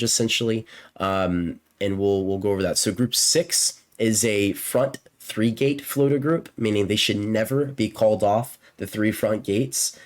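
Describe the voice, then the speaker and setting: Low-voiced man giving a rambling game guide. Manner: rambling, many fillers and self-corrections. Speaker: game guide creator and shot caller. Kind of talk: casual gameplay strategy walkthrough.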